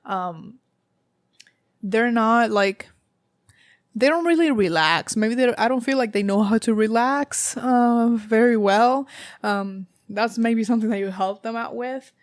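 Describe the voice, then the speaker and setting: A woman's voice: fairly high pitch, a little slow, no room sound, clean studio sound. A young woman with a slight Southern US accent giving a casual, rambling tarot reading, full of fillers and little laughs. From United States. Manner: chatty, rambling, laughs often, many fillers. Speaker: tarot reader.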